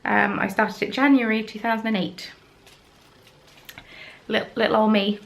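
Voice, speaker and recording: A young woman in her twenties, a craft vlogger, chats rambly and self-deprecatingly to camera at home. Her voice is fairly high with fairly even intonation, normal speed, and vocal fry.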